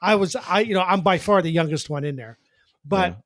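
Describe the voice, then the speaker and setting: A man in his sixties telling a story in casual podcast chat, animated and quick with his asides. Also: high-pitched, no room sound. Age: 60s. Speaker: guest, former radio co-host and columnist.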